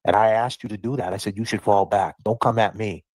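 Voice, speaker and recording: A man's voice: fairly low pitch, fairly even intonation, fast, darkish tone, no room sound. A man arguing his point bluntly in a casual online video. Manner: blunt, argumentative.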